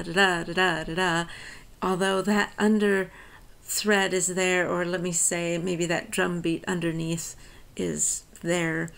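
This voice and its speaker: An American woman professor reads verse in an unhurried way and then talks it through in easy, chatty asides. Her voice has a gravelly, creaky edge at a middle pitch. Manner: reads verse slowly, then explains in relaxed conversational asides. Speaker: college professor. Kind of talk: lecture on a poem, reading lines aloud and explaining.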